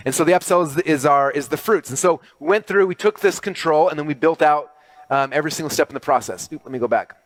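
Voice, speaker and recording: A middle-aged man giving an animated business talk to an audience, talking quickly and excitedly with many fillers and restarts. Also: a little high, no echo. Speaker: speaker presenting to an audience.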